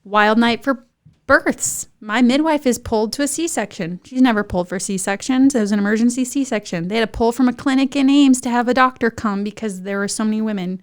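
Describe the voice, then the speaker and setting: Animated woman telling a story. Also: brisk, clear, resonant tone. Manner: lively, acts out voices of others in high excited tones. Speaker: podcast guest. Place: podcast studio.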